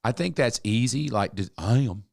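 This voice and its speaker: A man's voice: mid-range voice, normal speed, creaky, dry recording, clean studio sound. A man, co-hosting a podcast and telling a story, acting out the lines of the people in it. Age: 60s. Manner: animated storyteller, acts out quotes. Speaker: podcast co-host. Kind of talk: casual storytelling chat.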